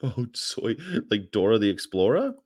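A man's voice: on the low side, huge pitch swings, normal speed, a little mellow. A man with an American accent hosting a casual livestream, reading viewer comments and rambling with jokes and casual swearing. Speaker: host.

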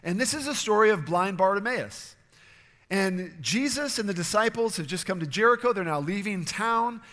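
Earnest male pastor, high and bright, reverberant hall sound. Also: expressive, normal speed. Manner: earnest preaching, acts out quoted voices. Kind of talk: sermon.

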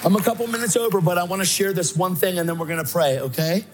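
A man's voice: high-pitched, fast, over music, a crowd in the background. A man preaching an emphatic sermon, telling his own story and acting out voices. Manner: emphatic, excitable, acts out voices. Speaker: guest speaker preaching. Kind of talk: sermon with personal testimony.

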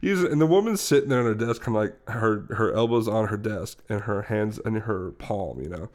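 Lively intonation marks this young man's lowish, slightly mellow voice, and he talks a little fast. As a podcast co-host, he tells a long, rambling story, laughing frequently and restarting often.

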